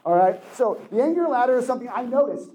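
A man giving a lively motivational talk to a young audience, acting out quoted voices and laughing often. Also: extremely high pitch, fast talker, slight background noise, rough recording. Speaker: speaker addressing teens.

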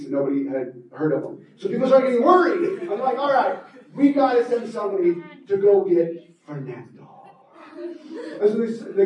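A man telling an animated story to a live audience, laughing and checking in with "right?". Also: high-pitched. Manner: lively, laughing, asks "right?" often. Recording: echoey room, far from mic, dull sound.

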